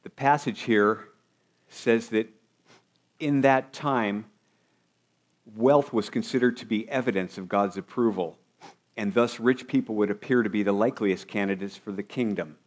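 A man's voice: lowish voice, moderate pace. A man preaching a sermon as pastor, asking his congregation rhetorical questions.

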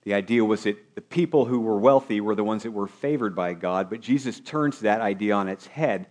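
A man's voice: on the low side, a little fast, darkish tone. A man preaching a sermon as pastor, asking his congregation rhetorical questions.

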